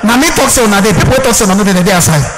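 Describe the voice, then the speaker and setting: A man with a Nigerian accent performing live stand-up comedy at a party, shouting his punchlines to the crowd. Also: sits high, animated, rapid-fire, background noise.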